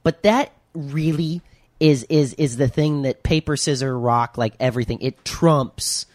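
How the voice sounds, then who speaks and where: A man co-hosting a podcast in casual chat, playful and teasing and quick to laugh. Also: mid-range voice, a little mellow, no room sound. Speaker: podcast host.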